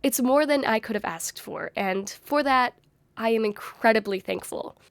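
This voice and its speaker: A woman's voice: fairly high pitch, normal speed, creaky, no echo. A young woman with a strained, worn voice talking through fan theories in a thoughtful, speculative video essay. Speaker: YouTuber.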